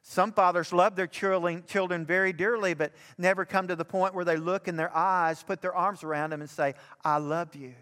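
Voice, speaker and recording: An older pastor preaches in a high voice that climbs with fervent emphasis. His words ring out with a long reverb, as if filling a church sanctuary. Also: fairly even intonation, fairly quick, hardly any pauses, a bit bright. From Alabama. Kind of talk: sermon.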